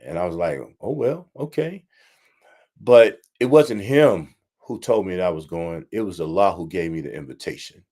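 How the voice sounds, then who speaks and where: Heartfelt, low-voiced man telling a story. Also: a little mellow. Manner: heartfelt, repetitive, addresses listeners directly. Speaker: podcast host. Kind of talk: emotional personal storytelling.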